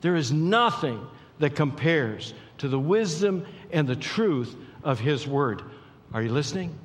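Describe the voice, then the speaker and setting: A man preaching a sermon as pastor, swinging between hushed, slow lines and loud, excited bursts. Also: a little high. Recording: long hall reverb.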